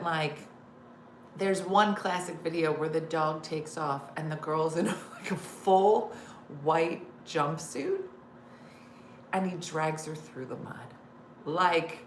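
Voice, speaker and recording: A woman's voice: medium pitch, fairly bright tone, reverberant, slight background noise. A middle-aged woman hosting a casual live stream, chatty and laughing, reading viewer comments aloud. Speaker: host.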